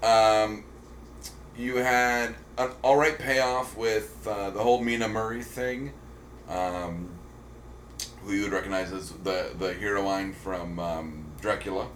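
A man co-hosting a podcast rambles through casual film chat, full of ums and restarts. His voice sits low, and the room adds a noticeable echo with a faint hiss underneath. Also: steady tone, slow pace, fairly bright tone. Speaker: podcast co-host. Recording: roomy echo with faint noise.

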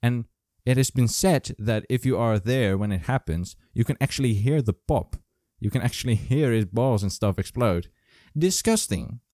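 A man hosting his own casual video, joking and rambling through animal facts in a playful, animated way. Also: mid-range voice, normal speed, dry recording, studio quality. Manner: playful, jokey, animated, full of asides. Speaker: vlog host. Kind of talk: casual comedic fact-sharing monologue. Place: Germany.

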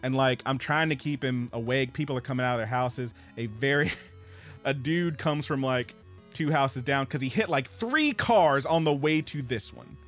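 A man's voice: medium pitch, moderate pace, a bit bright, soft background music. A man co-hosting a podcast, telling a long story in a casual, profane way and acting out other people's lines. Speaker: podcast co-host.

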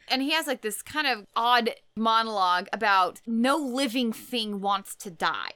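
A woman co-hosting a casual podcast, giggling as she retells film scenes and quickly acts out the characters' lines. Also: mid-range voice, pushed and bright, clean tone, dry recording. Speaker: podcast co-host. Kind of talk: casual chat recapping a film.

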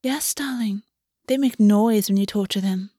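A woman's voice: mid-range voice, normal speed, mellow, no room sound, lightly acted. Cruel fae queen mother, silky and sweetly menacing, dry sound, put on by a woman.

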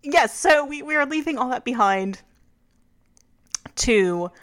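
A woman's voice: high voice, expressive, takes it slowly, a bit bright. A woman co-hosting a podcast, talking frankly and chattily with lots of "like" and restarts. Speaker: podcast co-host. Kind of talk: casual podcast chat.

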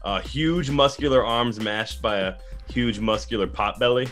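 A man playing a tabletop game, describing his character in a relaxed, chuckling way. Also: medium pitch, moderate pace, faint music behind. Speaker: player.

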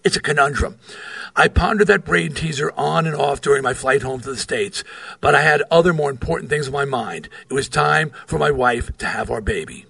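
This middle-aged New York man's voice is brisk, creaky, and husky, pitched on the high side. He hosts a podcast where he reads his memoir and tells rock stories, animated and wry, with profane asides beyond the text.

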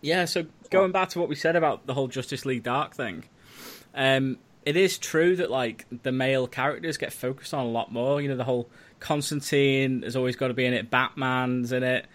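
A man from Wales co-hosting a podcast in casual chat, chatty and quick to laugh. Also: mid-range voice, a bit bright. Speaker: podcast co-host.

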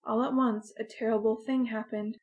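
A woman reads a first-person audiobook story in a fairly high voice. Her delivery is earnest and expressive, like someone confiding in a diary. It is steady storytelling throughout. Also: moderate pace, highs cut off. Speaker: audiobook narrator.

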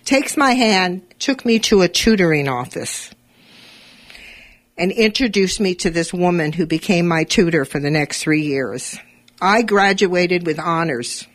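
A woman's voice: medium pitch, moderate pace. Elderly woman radio host telling stories. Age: 80s. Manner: animated, voice rises when quoting herself. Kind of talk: live radio talk and personal storytelling.

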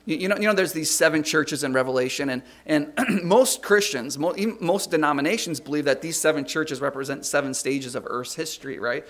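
A middle-aged man with a voice on the high side preaches a conversational sermon, tripping over repeated words. When he reads scripture, he grows loud and slow.

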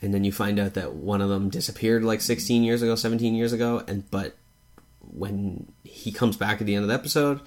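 A man's voice: fairly low pitch, a little fast. A young man, co-hosting a podcast, telling stories animatedly and laughing often. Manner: animated storytelling, laughs often, swears casually. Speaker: podcast co-host. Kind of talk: casual chat.

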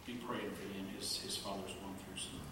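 A man's voice: sits low, moderate pace. A man preaching a sermon as a pastor, telling jokes and laughing as he goes. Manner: animated, laughs at own jokes. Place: church sanctuary. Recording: echoey room from a distance, background noise.

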